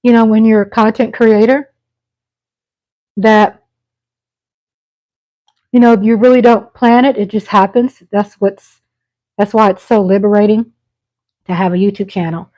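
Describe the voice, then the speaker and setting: A middle-aged woman hosting a live stream, chatting casually in a rambling way with frequent pauses and restarts. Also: medium pitch, fairly even intonation, a little mellow, highs cut off.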